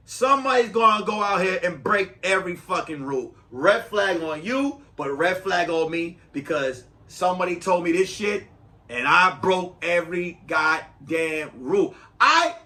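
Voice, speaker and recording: A man's voice: high voice, sharp tone. A man hosting a podcast as a comedian, giving profane, emphatic, rambling advice in a comic monologue.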